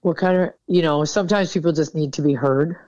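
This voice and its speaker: A woman's voice: sits low, fairly quick, darkish tone, no room sound. Frank, plain-spoken woman veteran. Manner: frank, casual, swears freely. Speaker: military veteran guest. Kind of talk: candid interview conversation. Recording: dull, dry sound.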